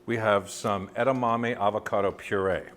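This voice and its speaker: A man cooking and demonstrating a recipe as a chef, chatting with jokes and lively asides. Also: on the low side, moderate pace. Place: kitchen, cooking at the stove. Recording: sizzle and kitchen noise. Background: sizzling pan.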